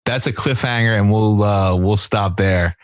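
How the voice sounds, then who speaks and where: A man's voice: on the low side, fairly even intonation, a little slow, dry recording, clean studio sound. A man hosting a podcast interview, easygoing and a little hesitant as he wraps up. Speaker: podcast host. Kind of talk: casual interview chat.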